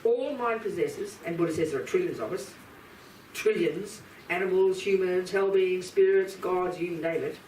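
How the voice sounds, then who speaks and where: Woman teacher addressing a room, direct and forceful; roomy, distant mic. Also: lowish voice, normal speed, slight background noise. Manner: blunt, emphatic, talks straight to listeners. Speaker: Buddhist teacher. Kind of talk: live dharma lecture to an audience. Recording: roomy hall from a distance, faint ambience.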